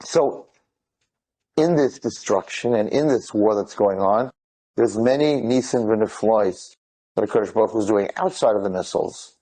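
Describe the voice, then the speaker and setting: A man, retelling stories in an excited, rambling way, mixing in Hebrew and Yiddish words. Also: fairly low pitch, moderate pace. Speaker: speaker telling inspirational stories. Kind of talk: animated storytelling talk.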